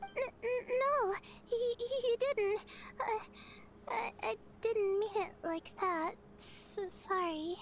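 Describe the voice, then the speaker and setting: A woman's voice: very high-pitched, slow, a little hiss or hum, exaggerated voice. A woman voicing a shy, sleepy young scholar in a video game, stammering and apologetic. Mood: flustered.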